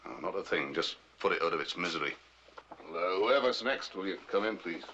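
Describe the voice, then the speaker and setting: A man's voice: deep voice, lively intonation, brisk, sharp tone, exaggerated voice. An actor playing a curt, middle-aged veterinarian who is impatient with his visitors. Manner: curt, brusque, dismissive. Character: brusque stern Scottish country vet, impatient. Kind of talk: 1960s film acting. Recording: dull old film soundtrack with hiss.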